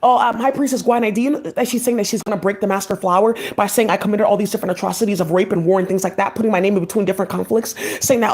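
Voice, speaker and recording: A woman in a rambling vlog monologue, talking at a rapid clip. Her delivery is agitated and profane, and she jumps from one thought to the next without pause. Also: medium pitch, fairly even intonation, darkish tone.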